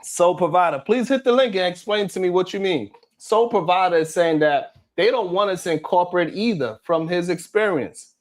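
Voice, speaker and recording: A man's voice: high voice, normal speed, few pauses. A man hosting a live stream, reading the chat and talking in a blunt, heated, profane way.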